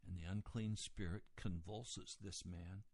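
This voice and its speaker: A male preacher delivering a sermon at an unhurried pace, breaking phrases apart to stress key words. His voice sits at an ordinary middle pitch. The sound is dry and close, with no room echo. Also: fairly even intonation, darkish tone. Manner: deliberate expository preaching, pausing on key words.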